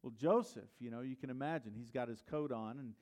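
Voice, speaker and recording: A man's voice: medium pitch, fairly quick, a little mellow. A male pastor preaching a sermon, retelling a story and asking the congregation questions.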